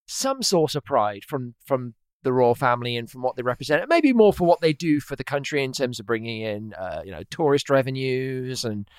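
A man's voice: medium pitch, big pitch swings, normal speed, few pauses, smooth, no room sound. A man from England with an Oxford English accent, a guest explaining at length in casual conversation.

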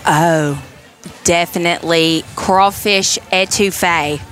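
A woman's voice: on the low side, steady tone, slow, fairly bright tone, faint music behind. A woman, a podcast guest in casual chat who drawls and laughs often.

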